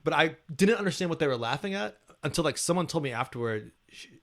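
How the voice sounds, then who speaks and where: A man's voice: a little high, fast, gravelly. A man with an Ohio accent, a guest on an interview podcast, telling stories in an easygoing way with many filler words. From United States. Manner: relaxed storytelling with filler words. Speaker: podcast guest, English professor. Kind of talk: casual interview conversation.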